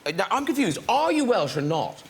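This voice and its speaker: Lively, playful chat show host. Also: male voice, high-pitched, fairly quick, noisy background. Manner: chatty and playful.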